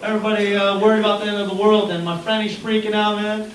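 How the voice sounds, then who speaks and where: A young man with a high-pitched voice working an open-mic crowd, rambling and self-deprecating and leaning on fillers. He is recorded from across an echoey gallery room. A noisy room hum sits under his voice. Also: level tone, quick pace. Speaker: stand-up comedian at an open mic. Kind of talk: stand-up comedy set. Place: small art gallery, indoors. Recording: echoey gallery room, far camera, audible room noise.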